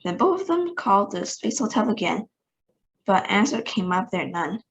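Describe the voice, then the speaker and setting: A woman reading a children's book aloud as a storyteller, lively and expressive, giving each character a voice. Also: mid-range voice, moderate pace, highs cut off, slight background noise. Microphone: online meeting recording.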